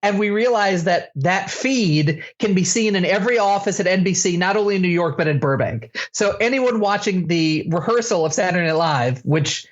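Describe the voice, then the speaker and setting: A middle-aged man hosting a podcast, telling an anecdote with animated energy and laughing as he tells it. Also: high voice, normal speed, few pauses, dull audio. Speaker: podcast co-host. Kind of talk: casual storytelling chat.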